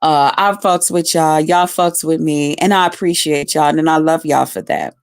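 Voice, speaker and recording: A woman's voice: low voice, normal speed, smooth. A woman livestreamer chatting casually with her viewers, telling rowdy stories full of cursing and greeting people by name. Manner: profane, rowdy storytelling with heavy cursing; talks straight to viewers, greeting them by name. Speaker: livestreamer talking to her chat. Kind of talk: casual live chat.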